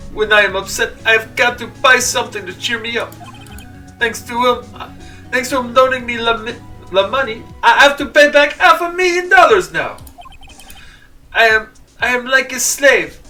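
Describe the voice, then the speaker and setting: A man's voice: very high-pitched, lively intonation, normal speed, sharp tone, pitched above the performer's own voice, heavily acted. A man voicing a dramatic, fretful French restaurant man with a put-on French accent, reading game dialogue aloud. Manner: theatrical, whiny. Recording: distant mic with game music.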